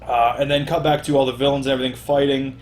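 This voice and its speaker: A man's voice: mid-range voice, level tone, fast, darkish tone, soft background music. A young man hosting a podcast in casual chat, recapping at length with many fillers. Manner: rambling recap full of fillers. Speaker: podcast host.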